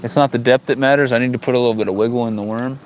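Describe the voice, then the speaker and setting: A man's voice: medium pitch, fairly even intonation, racing. A man hosting a fishing livestream outdoors, chatting casually with viewers and joking in exasperation at the fish. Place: outdoors by the water.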